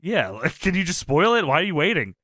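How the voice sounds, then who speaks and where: A man's voice: on the high side, very animated, brisk, pushed and bright, no echo, studio quality. A man co-hosting a podcast, chatting casually about old wrestling shows, laughing often and swearing freely. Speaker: podcast co-host. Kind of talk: casual wrestling recap chat.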